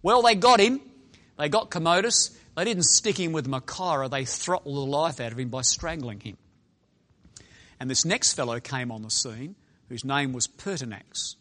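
A middle-aged man preaching to young people in a dramatic storytelling style, swinging from loud exclaiming to hushed asides. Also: a little high, moderate pace.

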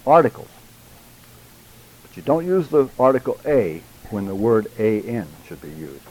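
An older man teaching a church public speaking class, deliberate and emphatic, addressing his students directly. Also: on the low side, very animated, darkish tone, rough recording.

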